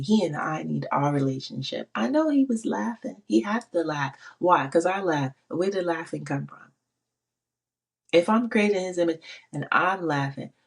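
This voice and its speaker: A woman's voice: fairly low pitch, creaky, breathy edge. A middle-aged woman giving a personal faith testimony, emphatic and repeating her phrases. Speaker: faith speaker.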